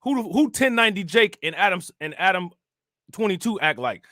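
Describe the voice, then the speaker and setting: At normal speed, this young man's high-pitched voice sounds animated, bright, and forceful, in a dry, studio-quality recording. The livestream political commentator rants profanely and casually at his chat, launching repetitive rhetorical questions.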